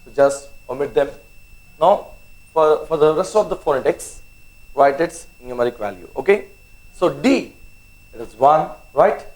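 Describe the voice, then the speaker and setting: A man's voice: fairly high pitch, expressive, unhurried, pauses often, a little mellow, poor audio. A man giving an online maths lesson, spelling out words letter by letter and checking in with the students after nearly every sentence. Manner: repeats "okay?" often, spells out words letter by letter; coaxing, urges students on. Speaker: maths teacher.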